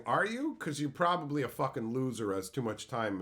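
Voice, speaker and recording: A man's voice: medium pitch, very animated, brisk, few pauses, a bit bright. A young man streaming and answering chat in a crude, profane, mocking way, ranting and laughing at his own jokes.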